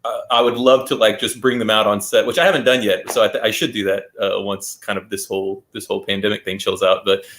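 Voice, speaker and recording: A man's voice: on the low side, flat delivery, fast talker, few pauses, a bit bright, slight background noise. Laid-back rambling man, casual chat. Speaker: guest magician.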